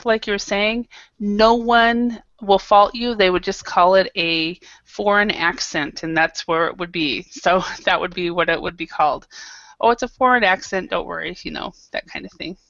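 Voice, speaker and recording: A woman's voice: mid-range voice, unhurried, a bit bright, no echo. A woman teaching an online English class, patiently modelling pronunciation over a video call. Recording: dull lo-fi video call audio.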